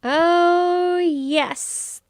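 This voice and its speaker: A woman's voice: very high-pitched, steady tone, drawn-out words, no echo, clean studio sound. A woman hosting a science podcast, chatting casually and laughing often. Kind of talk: casual chat.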